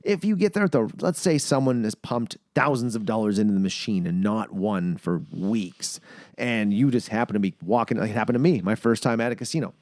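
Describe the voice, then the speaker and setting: A man chatting on a podcast at a fast clip, recorded close and dry with no room sound. He tells stories in an animated way, jumping high in pitch when he acts out other people's lines. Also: dry recording. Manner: animated storyteller, acts out quoted voices with big pitch jumps, swears freely. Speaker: podcast co-host. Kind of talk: casual storytelling chat.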